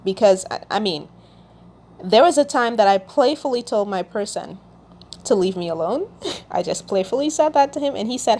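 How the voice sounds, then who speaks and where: A woman's voice: medium pitch, expressive, normal speed. A woman hosting a casual Christian video, reading out song lyrics and explaining them, checking in often with "okay?". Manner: warm, checks in with "okay?", reads lyrics aloud.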